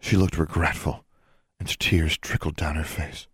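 A man with a deep, husky voice reads a fantasy audiobook in a steady, measured way. The recording is dry and close, with no room sound around him. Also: no echo. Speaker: narrator. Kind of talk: audiobook narration.

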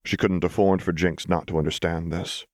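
A man reading a story aloud in calm, measured, scripted narration. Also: low-pitched, no room sound, studio quality. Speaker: audiobook reader.

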